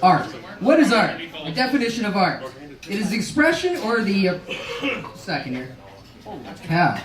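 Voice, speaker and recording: At an art show in a restaurant lounge, a man who organized the event gives a casual, jokey speech, swearing and laughing along the way. His voice is high and sing-song at a moderate pace, with a crowd behind him. A distant camera gives the recording a roomy sound.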